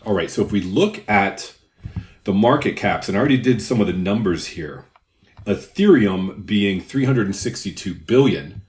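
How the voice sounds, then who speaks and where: Deep-voiced older man explaining crypto. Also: expressive, moderate pace. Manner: conversational, rambling asides. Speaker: crypto YouTuber. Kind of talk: casual explainer with anecdotes. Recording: roomy echo.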